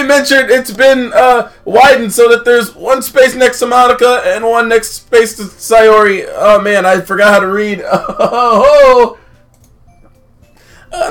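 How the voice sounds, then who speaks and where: Male streamer, very high bright voice, rambling comic narration. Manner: rambling, filler-heavy, jokey, self-interrupting. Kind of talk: comedic game read-through.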